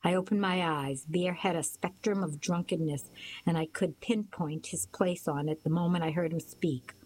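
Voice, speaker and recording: A woman narrating a first-person novel as an audiobook, in a steady storytelling manner. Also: lowish voice, moderate pace, a little hiss or hum, poor audio.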